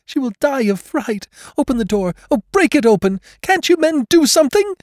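A desperate young mother shrieking in terror, as a man puts her on for an audiobook tale, climbing far above his natural range. The wailing voice is lively and swings wildly in pitch. The recording is close and dry. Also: normal speed, dry recording. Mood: frantic.

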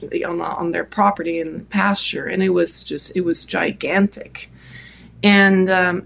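A woman's voice: mid-range voice, vocal fry. A woman from France with a French accent, an interview guest telling a long story with many fillers and restarts. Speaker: podcast guest.

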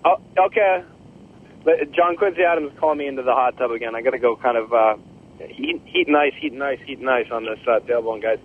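A man's voice: medium pitch, animated, a little hiss or hum, close to an everyday voice. A man doing rambling Terrifying Tim on a tinny phone. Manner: rambling, halting, squeals at the end. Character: Terrifying Tim, a boastful young man leaving a phone message.

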